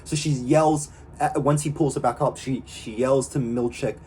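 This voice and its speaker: A man vlogging in a casual, excitable way, slangy and profane, with lots of fillers. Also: mid-range voice, moderate pace, few pauses, breathy edge. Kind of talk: casual talk to camera.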